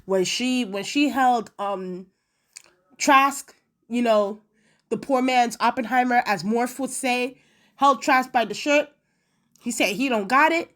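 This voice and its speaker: A woman in a casual episode review, chatty and animated, acting out quotes with lots of fillers. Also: on the high side, slow. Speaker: video reviewer.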